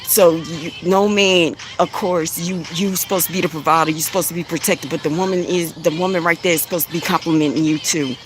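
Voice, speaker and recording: A woman with a low, bassy voice talks straight to her listeners like a spiritual coach. She preaches in loose, repetitive phrases and often breaks into a short chuckle. A faint hiss sits under her voice. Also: fairly even intonation, a little fast, hardly any pauses. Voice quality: deep voice with bass. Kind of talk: spiritual motivational monologue to camera.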